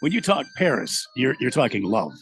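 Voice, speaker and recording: A man's voice: mid-range voice, big pitch swings, fairly quick, vocal fry. A man co-hosting a radio talk show, chiming in with easygoing, folksy remarks. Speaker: radio co-host. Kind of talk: casual sports radio banter.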